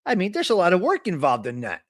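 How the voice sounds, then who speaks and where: A man's voice: high voice, wildly swooping pitch, quick pace, fairly bright tone, no room sound, studio quality. A man hosting a casual live stream, talking bluntly with a lot of profane trash talk. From Italian American. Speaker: host.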